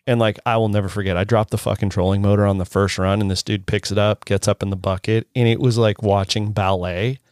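A man's voice: lowish voice, fairly quick, hardly any pauses, no echo, clean studio sound. Laid-back fishing guide man, swearing. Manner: animated storyteller, swears, laughs often. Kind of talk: casual chat.

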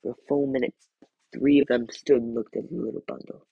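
Casual male podcast reader, steady storybook reading with a gravelly, husky tone. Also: mid-range voice, a little fast, dry recording, muffled recording. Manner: steady, plain reading with small slips and restarts. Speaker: podcast host reading a book aloud. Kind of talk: reading a novel aloud and reviewing it.

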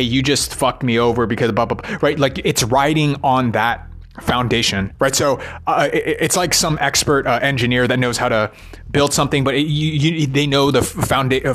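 A man talks through his ideas about movies in a loose, rambling monologue. His pitch sits right in the middle for a man. He swears freely and keeps tagging his thoughts with a quick "right?". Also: a bit bright, slight background noise. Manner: rambling, profane, constant "right?" tags.

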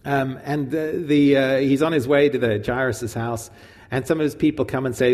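A man's voice: medium pitch, moderate pace, big-room sound. A man teaching from the Bible in an informal, conversational sermon, asking his listeners questions as he goes. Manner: animated, informal, asks the audience questions. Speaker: preacher teaching from the Gospel.

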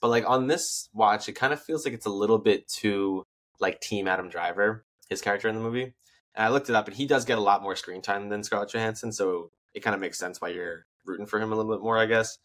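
A man's voice: lowish voice, quick pace, a bit bright. A young man co-hosting a podcast, giving a laid-back, loosely phrased movie review. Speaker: podcast co-host. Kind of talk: casual movie review chat.

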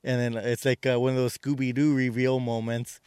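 A man's voice: medium pitch, little pitch movement, normal speed, a little mellow, clear, resonant tone, dry recording. A man co-hosting a casual chat, retelling a movie plot in a rambling way with many fillers and restarts. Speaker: podcast co-host.

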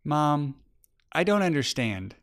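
An earnest, unsure young girl speaks her lines in a bedtime storybook, voiced by a man reading aloud. The voice has a gravelly texture and bounces lively up and down. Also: fairly high pitch, takes it slowly, pitched above the performer's own voice, heavily acted. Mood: puzzled.

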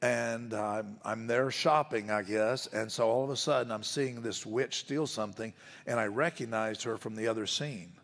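A man's voice: on the low side, moderate pace, gravelly, fairly bright tone, long reverb tail. A man preaching a sermon as a pastor, telling a story in a conversational way and building to firm emphasis.

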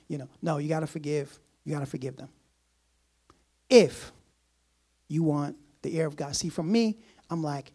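A man preaching a sermon in a casual, conversational way, repeating phrases and chuckling softly. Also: fairly high pitch, moderate pace, creaky.

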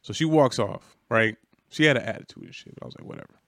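A man's voice: medium pitch, fast, creaky, a bit bright, dry recording, clean studio sound. A young man casually telling a long work story on a podcast, laid-back and slangy with plenty of swearing. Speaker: podcast co-host.

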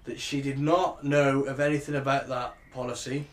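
A man's voice: medium pitch, flat delivery, moderate pace, slight background noise. A man co-hosting a podcast, talking indignantly and often finishing the others' sentences. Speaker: podcast co-host. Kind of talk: casual chat. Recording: roomy echo.

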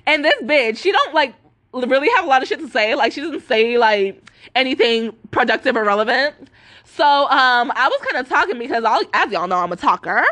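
Young woman ranting on her podcast, cussing a lot, high bright voice. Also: lively intonation, a little fast. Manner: cussing, heavy filler "like", quotes others in put-on voices. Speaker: podcast host. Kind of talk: casual rant.

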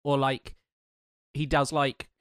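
A man relaxing into a podcast conversation and sharing film trivia. His voice sits at an ordinary mid pitch. The recording is dry and close. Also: flat delivery, slow pace, a bit bright, clear, resonant tone, no room sound. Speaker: podcast co-host. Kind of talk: casual chat.

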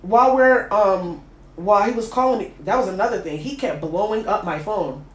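A woman hosting a casual chat and telling a lively, slangy story about a date. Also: mid-range voice, moderate pace, echoey room. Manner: animated, slangy, laughing storyteller. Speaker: host.

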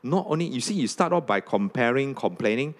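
A man preaching a sermon to a congregation, often asking "okay?" and "right?", and rising high when he reads scripture aloud. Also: lively intonation, fairly quick. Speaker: pastor.

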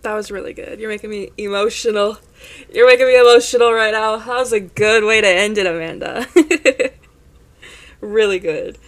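A young woman hosting a podcast, talking in a warm, effusive and grateful way. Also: medium pitch. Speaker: podcast host. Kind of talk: casual interview chat.

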